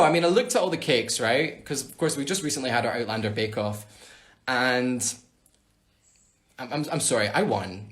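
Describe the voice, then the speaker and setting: A man's voice: medium pitch, fairly bright tone. A Scottish man hosting a casual live Q&A on his phone, chatting playfully and reading out viewer questions. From Scotland. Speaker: livestream host answering fan questions.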